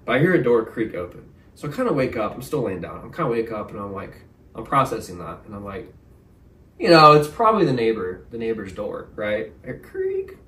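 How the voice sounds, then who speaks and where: A young man, a podcast guest, telling a story in a casual, animated way, full of slang. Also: lowish voice. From Texas. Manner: animated, slangy, says "bro" and "like" a lot. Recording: roomy, mic at a distance.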